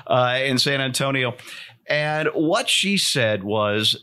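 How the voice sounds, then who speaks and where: A man's voice: medium pitch, slow, bright, forceful tone, clear, resonant tone. A man hosting a casual political talk show, joking and laughing often as he tells a story. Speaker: host.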